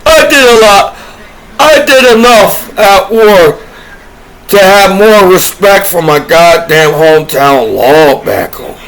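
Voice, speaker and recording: High-voiced, bright man ranting. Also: expressive, takes it slowly, low-quality recording. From United States. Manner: aggrieved, profane, repetitive, trailing restarts. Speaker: disabled combat veteran vlogger. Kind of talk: rambling profane rant to camera.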